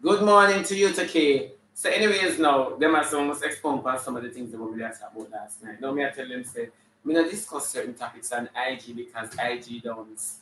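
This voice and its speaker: A man's voice: mid-range voice, a little fast, a little hiss or hum, close to an everyday voice. Man playing a brassy Jamaican drag auntie, flamboyant, calls out names, faint room echo from a distance. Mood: gossipy. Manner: flamboyant, shouting out viewers' names. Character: sassy female character in drag, full of attitude. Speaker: comedian hosting a live stream. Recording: echoey room, mic at a distance.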